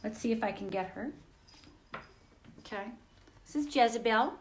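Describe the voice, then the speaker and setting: A woman's voice: a little high, normal speed, a little hiss or hum. A woman hosting a motivational live stream from home on her phone. She talks in an earnest, encouraging way and often repeats phrases.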